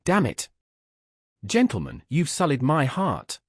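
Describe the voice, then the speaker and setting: A man's voice: a little high, huge pitch swings, a little slow, no echo, clean studio sound, exaggerated voice. A man reading the part of a proud, desperate accused man who bursts out in impassioned protests.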